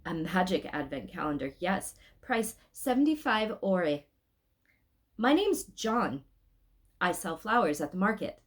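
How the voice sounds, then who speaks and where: Kind elderly man, slow drawn-out lines, read by a woman. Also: lowish voice, sing-song. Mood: gentle. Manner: slow, warm, drawn-out speech. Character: kind old man, a gentle flower seller.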